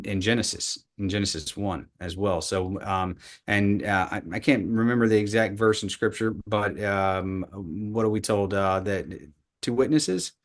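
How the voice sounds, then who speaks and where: A man with a lowish voice teaches scripture in a live online study group. He talks in halting bursts, repeating words as he gathers his thoughts. When he reads the ancient text aloud, he leans on key words with emphasis. The sound comes through a video call. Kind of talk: live online Bible study lesson with slides.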